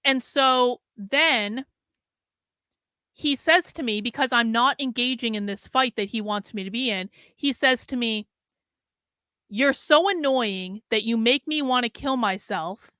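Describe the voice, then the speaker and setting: A woman's voice: a little high, a little slow, no echo, clean studio sound. A woman hosting a podcast, telling a rambling story in casual talk, swearing often and filling her sentences with "like". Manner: profane, rambling, heavy use of filler "like"; animated retelling with quoted inner thoughts. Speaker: podcast host.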